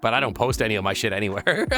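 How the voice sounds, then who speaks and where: A young man chatting casually on a live stream, reading and answering viewer messages, playful and giggly, rambling and breaking into squeaky high exclamations. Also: huge pitch swings, fast, bright, forceful tone, soft background music. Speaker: VRChat streamer.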